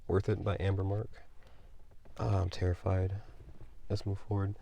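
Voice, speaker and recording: A man with a very low, gravelly voice talks his way through a tarot reading. He rambles and thinks aloud, full of ums and likes. His tone is dark and mellow. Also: flat delivery, moderate pace, slight background noise. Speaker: tarot reader.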